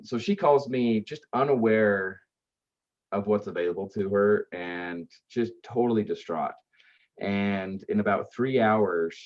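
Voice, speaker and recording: A man being interviewed on a podcast, telling earnest stories about helping grieving families, with many fillers and restarts. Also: on the low side. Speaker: guest, aftercare service founder. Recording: dull lo-fi sound.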